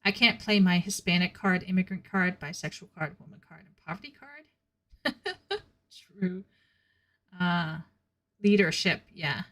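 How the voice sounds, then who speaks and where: A woman's voice: lowish voice, measured pace, long pauses, a bit bright. A woman streaming and chatting casually with her viewers, blunt and candid, often laughing at her own remarks. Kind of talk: casual chat with a live chat.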